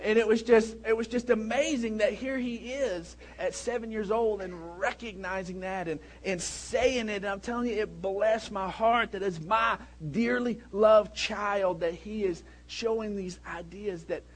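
A man in his thirties, a pastor preaching a sermon with animated storytelling, who breaks into shouts when he acts out a scene. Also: sits high, a little slow, hardly any pauses.

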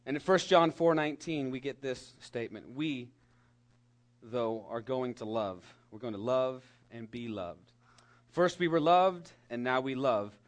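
A middle-aged man preaching a sermon to young people, animated and emphatic, dropping at times to a soft whisper. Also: medium pitch, measured pace. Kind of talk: sermon to a youth congregation.

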